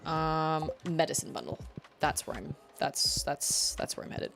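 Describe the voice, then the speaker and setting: Chatty woman gamer talking while she plays, animated up-and-down delivery, soft music behind. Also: low-pitched, creaky. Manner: chatty, rambling, many "like"s, quick laughs. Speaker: game streamer. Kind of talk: casual chat while playing.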